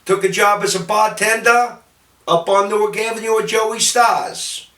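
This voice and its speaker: A man from City, telling salty anecdotes about his bartending days in a lively, gesturing way. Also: sits high, a little slow. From Jersey City, New Jersey, US. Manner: animated, gestures while talking, salty. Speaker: storyteller, former bartender. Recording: roomy sound from a distant mic.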